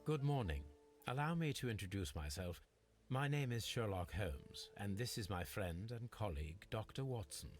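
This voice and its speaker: Sherlock Holmes, voiced by a man, deep and formal. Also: animated, soft background music, close to an everyday voice. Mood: polite. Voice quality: measured, formal and precise. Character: Sherlock Holmes, composed brilliant adult male detective. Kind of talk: video game voice acting.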